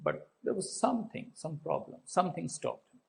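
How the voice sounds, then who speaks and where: A man's voice: a little high, lively intonation, moderate pace, gravelly, a little mellow, poor audio. A man with an Indian English accent teaching a class, explaining a story by asking questions and then answering them himself. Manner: asks and answers his own questions; restates points, fills with uh and so. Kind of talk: explaining a textbook story to students.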